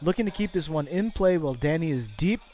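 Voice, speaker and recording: A man doing loud, joking live commentary on a golf match. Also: on the high side, expressive, fast. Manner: loud, joking, mixes in Tagalog. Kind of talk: playful live sports commentary.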